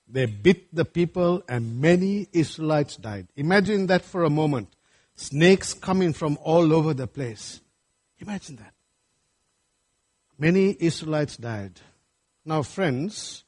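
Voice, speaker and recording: Husky-voiced preacher from Sri Lanka. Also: male voice, a little high. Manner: animated, often asks listeners "right?" and calls them friends. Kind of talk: sermon.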